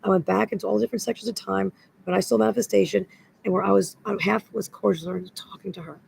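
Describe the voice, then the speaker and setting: A woman's voice: mid-range voice, fairly even intonation, fast, vocal fry, darkish tone, a little hiss or hum, poor audio. A woman in a rambling, agitated spoken monologue that loops back on the same words.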